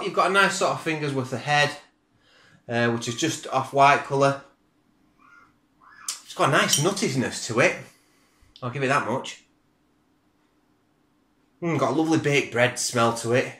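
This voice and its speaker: A middle-aged man with a bright, pushed, mid-range voice reviews beer in a casual video. He chats, rambles, and pokes fun at himself. It was recorded at home on a camera mic, and the room echoes noticeably.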